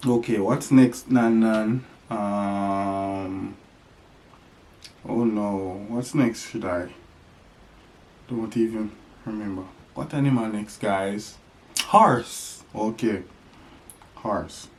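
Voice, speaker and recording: A man's voice: lowish voice, fairly even intonation, takes it slowly, pauses often, mellow. A man talking playfully to his baby in a home vlog, making animal sounds. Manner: sing-song talk to a toddler with animal sounds. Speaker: father teaching his baby.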